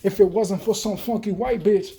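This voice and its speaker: A man's voice: high voice, steady tone, creaky, mellow, slight background noise. A man ranting in a loose, rambling, profane monologue. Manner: profane, loose, rambling, talks fast then trails off. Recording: roomy echo.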